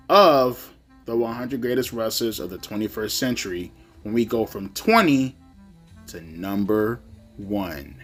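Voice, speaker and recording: A man's voice: medium pitch, a bit bright. A man in the middle of his usual register hosts a wrestling countdown video. He talks casually and animatedly, tripping over repeated words and dropping casual swears, with faint music underneath. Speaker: wrestling list video host.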